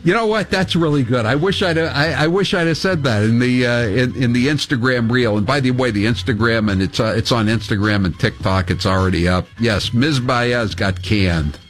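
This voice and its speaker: A man hosting talk radio, rambling wryly with halting fillers. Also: mid-range voice, faint music behind. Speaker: radio talk show host. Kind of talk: talk radio segment and ad read.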